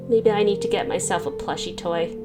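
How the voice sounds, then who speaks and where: A woman playing through a story game and reading it aloud, laughing at herself between lines. She talks slowly and unhurriedly, with faint music playing underneath. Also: medium pitch. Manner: giggly, self-mocking asides. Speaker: gaming channel host. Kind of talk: reading a visual novel aloud with commentary.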